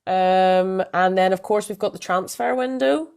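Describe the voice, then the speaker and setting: A woman's voice: medium pitch, measured pace, gravelly, darkish tone, clean tone. A woman co-hosting a casual women's football podcast, chatting with plenty of fillers and restarts. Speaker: podcast co-host.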